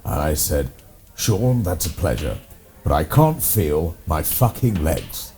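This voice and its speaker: Deep-voiced English gent spinning tall tales. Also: male voice, slow. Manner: rambling, deadpan tall tales told with relish. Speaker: co-host playing a gentleman's club character. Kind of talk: improvised comedy chat.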